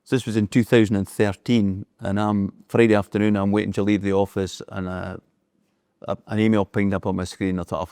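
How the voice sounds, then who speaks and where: A man's voice: fairly low pitch, flat delivery, brisk, a little mellow, no room sound, studio quality. A middle-aged man, a business leader telling anecdotes as an interview guest, acting out the dialogue as he goes. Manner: anecdotal, acts out dialogue in the retelling. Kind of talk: storytelling in casual conversation.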